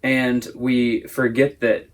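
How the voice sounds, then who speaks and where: A man's voice: medium pitch, flat delivery, takes it slowly. A man teaching a Sunday school lesson, explaining at length in a casual, thoughtful way. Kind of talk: casual Bible discussion.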